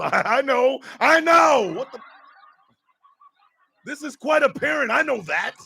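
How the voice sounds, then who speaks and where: A man hosting a podcast, delivering a profane, exasperated comedic rant and often shouting. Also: very high-pitched, big pitch swings, normal speed, creaky, husky. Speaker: podcast host.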